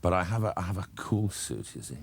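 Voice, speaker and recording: A man's voice: sits low, animated, fast, vocal fry, husky, dry recording. A man telling wry, amused anecdotes in an interview. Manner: wry, relishing storyteller. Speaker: actor guest.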